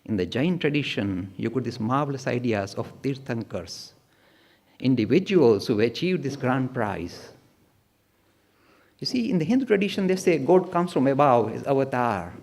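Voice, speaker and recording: Animated man giving a lecture. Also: mid-range voice, moderate pace. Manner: emphatic, playfully acts out quoted voices. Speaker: lecturer on religion.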